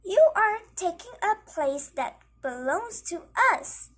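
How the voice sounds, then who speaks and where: A woman reading aloud from a storybook, voicing a bossy big snake, with a halting manner. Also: very high voice, big pitch swings, voice pushed up, heavily acted.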